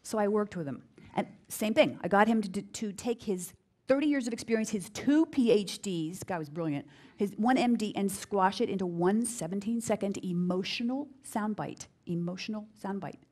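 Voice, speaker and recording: A lively, middle-aged American woman runs a live business workshop at a moderate pace, speaking with emphasis. She keeps returning to key phrases and hammers each point home to the room, acting out quoted voices with big jumps in pitch.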